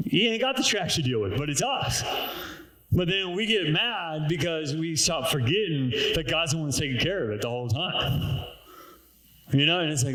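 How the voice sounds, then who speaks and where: Joking preacher in a very echoey hall. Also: male voice, on the high side, expressive, normal speed, fairly bright tone. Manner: joking, conversational, chuckles at his own jokes. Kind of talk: casual sermon with scripture reading. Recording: very echoey room.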